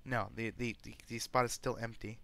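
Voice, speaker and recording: A man's voice: mid-range voice, flat delivery, gravelly, bright, forceful tone. Guy running a tabletop game, stop-start talking, a bit of hiss behind. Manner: halting, restarts often. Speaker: game master.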